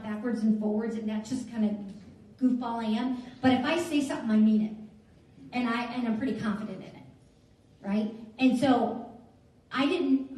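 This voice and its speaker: A middle-aged woman giving a chatty motivational talk to an audience, telling stories and asking the room questions. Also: on the high side. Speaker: jewelry stylist giving a talk. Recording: echoey hall, speaker far from mic.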